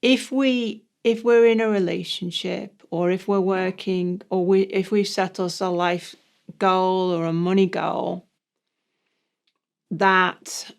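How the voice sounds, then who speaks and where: A man co-hosting a reflective podcast discussion, explaining ideas in a measured way. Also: high voice, level tone, vocal fry, clean tone. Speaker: podcast co-host.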